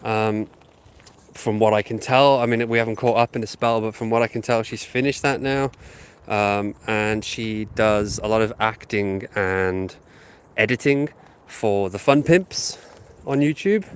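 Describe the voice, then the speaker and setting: The voice sits on the low side, unhurried and clean in tone. It belongs to a channel host, congested with a sinus infection, who rambles with plenty of ums to viewers as he walks his dog around a housing estate, phone in hand.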